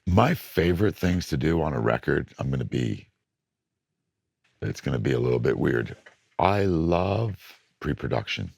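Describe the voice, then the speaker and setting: An older man with a very deep, raspy, gravelly voice tells studio stories with lively swings in pitch. He sounds husky and worn. The recording is dry and close. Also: normal speed, no echo. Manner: animated storytelling, acts out studio voices. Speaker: record producer. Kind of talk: casual interview talk.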